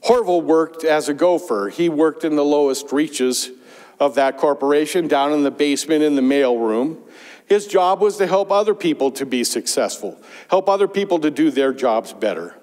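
A man preaching a sermon as pastor, telling a parable with lively emphasis. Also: a little high, moderate pace. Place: church sanctuary. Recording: long church reverb.

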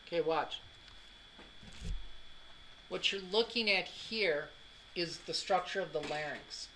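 A man's voice: a little high, slow, bright, forceful tone, a little hiss or hum, rough recording. A man giving a classroom anatomy lecture, joking and quizzing students as he goes. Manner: joking, drills students with questions.

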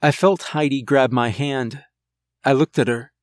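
Male horror narrator, slow unhurried delivery, close dry sound, soft music behind. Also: mid-range voice, steady tone, dry recording. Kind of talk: first-person horror story narration. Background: faint music.

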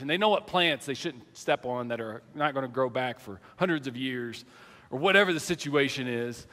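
A middle-aged man from the American South delivering a sermon from a church platform. His voice sits a little high and rings out in a long hall reverb. He tells stories animatedly and bursts into loud quoted lines. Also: a little fast. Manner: animated storytelling, acts out shouted quotes. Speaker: pastor. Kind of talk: sermon with personal story. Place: church sanctuary.

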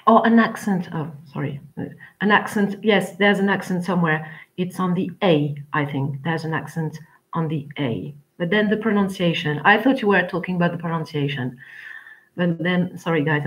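A woman teaching an English class online, chatty and rambling, with frequent pauses as she talks to her students. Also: sits low, rough recording.

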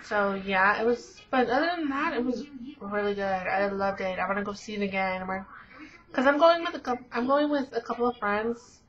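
A woman's voice: medium pitch, normal speed, fairly bright tone. A teenage girl vlogger rambling in casual chat, gushing with lots of fillers. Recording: dull lo-fi webcam audio.

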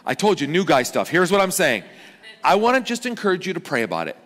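A man in his thirties preaching a sermon as pastor, chatty and joking, with lively swings in pitch and loudness. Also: fast talker. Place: large church auditorium. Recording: long hall reverb.

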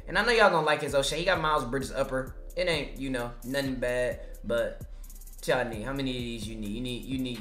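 A young man doing casual, slangy commentary over his basketball video game, trash-talking and sometimes shouting or singing. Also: mid-range voice. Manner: hyped slangy trash talk, sings and shouts over play. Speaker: gaming YouTuber.

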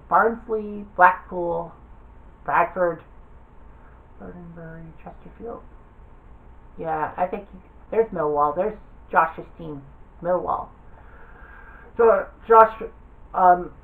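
A woman's voice: medium pitch, low-quality recording. A woman giving offhand, rambling commentary while browsing a game, thinking aloud as she goes. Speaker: gaming video creator.

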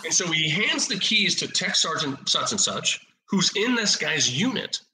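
A man in his forties from Oregon, a podcast guest and retired officer, telling lively anecdotes in a casual, blunt, salty way. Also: fairly high pitch, normal speed, echoey room, slight background noise, rough recording. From Oregon, USA. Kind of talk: casual storytelling.

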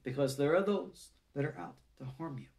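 A middle-aged man with a gravelly, raspy edge teaches in a live-streamed lecture, a little higher-pitched than most men. He urges his listeners earnestly and leans hard on key words. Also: a little fast, a little mellow. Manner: earnest, emphatic, exhorting. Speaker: rabbi teaching an online class.

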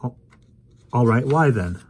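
A man's voice: medium pitch, animated, unhurried, a little hiss or hum, pitched above the performer's own voice, lightly acted. A man reading a storybook aloud, voicing an upset, impatient teenage girl with a strained, urgent manner. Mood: agitated.

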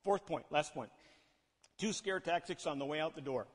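A male pastor preaching a sermon, lively and animated, often asking the congregation questions and acting out the people he quotes. His voice sits a little high for a man. It rings out with a long reverb in a church hall. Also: normal speed. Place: church sanctuary.

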